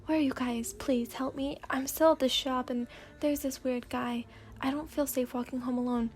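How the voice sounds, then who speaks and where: Casting: woman doing a scared young woman, tremulous and pleading, fairly high voice, soft ASMR story. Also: steady tone, moderate pace, lightly acted. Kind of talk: soft-spoken ASMR fanfic reading.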